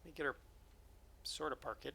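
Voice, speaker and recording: A fairly high-pitched man with a steady, gravelly, bright, and forceful voice talks briskly with his viewers while playing a truck-driving game, joking and explaining as he goes. He's a streamer doing casual live gameplay chat from his home streaming setup, with slight background noise.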